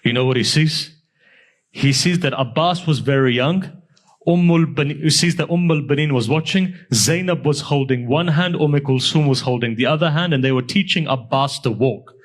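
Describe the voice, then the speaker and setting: Male preacher, higher than usual voice, sermon storytelling that swells into lament. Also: normal speed. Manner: storytelling, swells to high emotional pitch. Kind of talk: sermon with mournful recitation.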